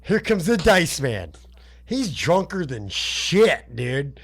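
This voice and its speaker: A high-voiced man co-hosting a casual podcast, swearing his way through rambling stories. He talks loosely and chuckles as he goes. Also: sing-song, slow pace, slightly rough. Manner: profane, laughing, rambling storytelling. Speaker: podcast co-host.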